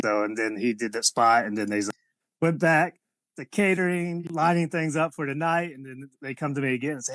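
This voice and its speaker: A man's voice: mid-range voice, brisk, a bit bright, dry recording. A man and former pro wrestler telling backstage anecdotes in a shoot interview, acting out quotes and laughing often.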